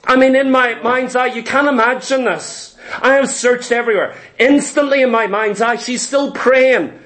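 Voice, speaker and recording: High-voiced preacher. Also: male voice, steady tone, normal speed, a bit bright. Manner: storytelling, emphatic, repeats phrases. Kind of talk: sermon. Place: church.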